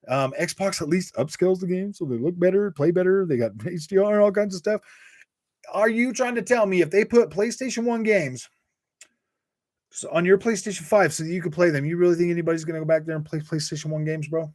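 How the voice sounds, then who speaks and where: A laid-back young man talks through a live gaming stream, rambling from one point to the next and chuckling as he answers viewers. His voice sits a little high for a man, and the sound is dry and close with no room around it. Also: fairly quick, a little mellow, dry recording. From Utah. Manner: rambling, laughs often, says dude and bro a lot. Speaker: gaming channel host reading live chat. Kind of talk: casual livestream chat.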